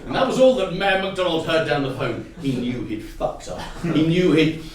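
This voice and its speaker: A man with an English accent telling an improvised comic story on stage, laughing often and picking up shouted suggestions. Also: a little high, normal speed, recorded from a distance, very noisy. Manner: animated, laughing often, repeating audience suggestions. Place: theatre stage with live audience. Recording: echoey hall recorded from afar.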